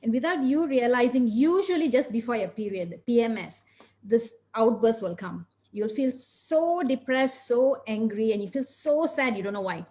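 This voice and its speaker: A woman's voice: a little high, lively intonation, moderate pace, darkish tone. A woman physician and coach answering interview questions, explaining in an earnest, step-by-step way.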